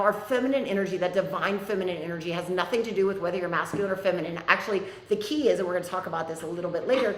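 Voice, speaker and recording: A woman's voice: lowish voice, roomy sound, rough recording. A woman spiritual teacher hosting an online class, talking in a candid, chatty way. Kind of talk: casual live class talk.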